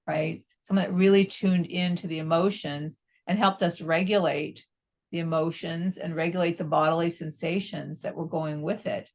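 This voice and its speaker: A middle-aged woman, a psychotherapist being interviewed, explaining in a measured way and often checking in with "right?". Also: low voice, fairly even intonation, a little mellow. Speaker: psychotherapist guest.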